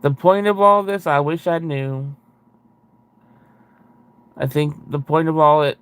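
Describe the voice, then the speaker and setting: A man's voice: on the high side, clean tone. A man hosting a casual video chat, reading viewer comments aloud with a rambling, self-interrupting way of talking and frequent laughs.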